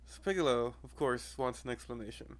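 A man chatting casually as a podcast co-host, recapping a comic chapter, loose and quick to laugh. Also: mid-range voice, no echo. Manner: laughs often, loose, full of fillers.

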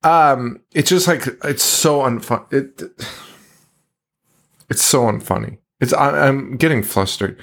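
Guy on a horror podcast ranting about a movie, swears a lot, sounds fed up. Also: medium pitch. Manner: profane, exasperated ranting. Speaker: podcast co-host. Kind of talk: casual movie recap chat.

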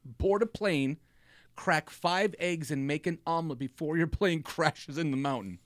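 A man in his thirties tells a lengthy comic story in easygoing chat, acting out people's lines with animated flair. He's a comedy podcast storyteller with a fairly high, unhurried voice and no room sound.

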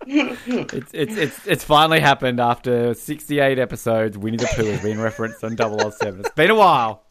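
A man's voice: mid-range voice, a little fast. A man hosting a podcast, teasing his co-hosts and laughing as he leads the ranking. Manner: lively, teasing, laughs while talking. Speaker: podcast host. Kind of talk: casual chat.

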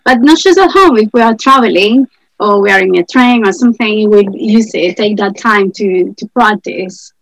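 Gravelly-voiced woman answering hesitantly. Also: medium pitch, moderate pace, fairly bright tone, no room sound, rough recording. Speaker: guest. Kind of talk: casual chat.

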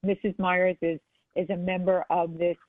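A woman's voice: fairly low pitch, level tone, normal speed, no room sound. Earnest woman guest on a tinny phone line. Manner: chatty, earnest, restarts often. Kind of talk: casual phone interview.

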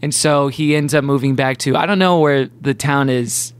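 A man's voice: medium pitch, moderate pace, smooth. A man co-hosting a podcast, chatting casually and dropping wry, joking asides. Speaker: podcast co-host. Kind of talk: casual chat.

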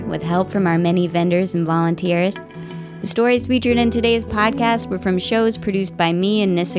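Woman host, lowish gravelly voice, measured scripted read, guitar music under. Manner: even, measured reading of credits. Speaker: podcast host. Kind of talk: scripted outro narration.

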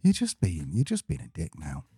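Dark-voiced blunt man podcast host. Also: lowish voice, wildly swooping pitch, fairly quick, creaky, slightly rough, dry recording, clean studio sound, faint music behind. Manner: blunt and jokey, swears freely. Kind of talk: casual podcast chat.

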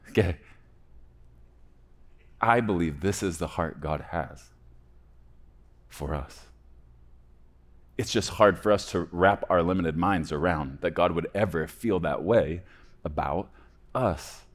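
A young man with a fairly low voice preaches a sermon. He builds to loud, emphatic peaks, then drops to quiet, hushed endings. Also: slow, long pauses. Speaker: pastor.

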